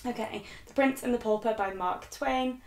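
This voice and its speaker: A woman's voice: a little high, moderate pace, a little mellow. Chatty young British woman in an echoey room. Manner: chatty, self-mocking, reading a list aloud. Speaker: book vlogger. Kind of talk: casual chat.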